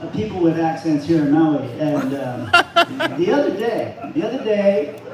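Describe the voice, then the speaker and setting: A man doing a halting, self-deprecating stand-up set at an open mic in a bar. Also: fairly high pitch, very animated, a bit bright. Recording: echoey venue from far off, noisy.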